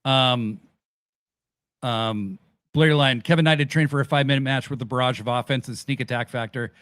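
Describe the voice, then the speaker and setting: A man hosting a casual wrestling review chat, animated and swearing casually as he retells events. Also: mid-range voice, normal speed, dry recording, clean studio sound. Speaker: podcast host.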